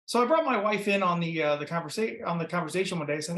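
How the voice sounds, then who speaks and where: A man from Ohio, a podcast guest and pitmaster, telling his story in a relaxed, rambling way full of fillers. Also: sits high, quick pace, echoey room, slight background noise. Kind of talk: casual interview storytelling. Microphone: computer mic.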